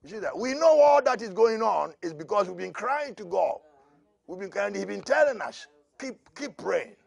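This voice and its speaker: A man preaching a prophetic sermon as pastor, dropping to a murmur and then rising to loud shouts, with laughs between lines. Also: high voice, lively intonation, normal speed, creaky.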